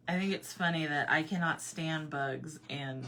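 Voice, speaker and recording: A woman originally from Arizona telling a funny everyday story in a casual vlog, animated, repeating herself and laughing often. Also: low-pitched, takes it slowly. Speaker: vlogger.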